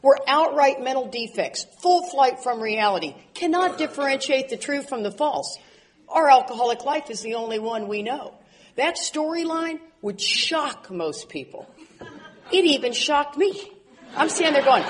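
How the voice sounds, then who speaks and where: A woman in her forties speaking at a recovery convention, telling animated stories with laughs and loud outbursts. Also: high-pitched, moderate pace. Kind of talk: speaker talk to an audience.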